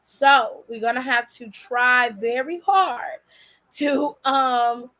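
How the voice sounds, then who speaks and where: A woman's voice: a little high, slow pace, pushed and bright. A woman giving blunt, sassy and profane casual commentary as a vlog host. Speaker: wrestling commentary vlogger.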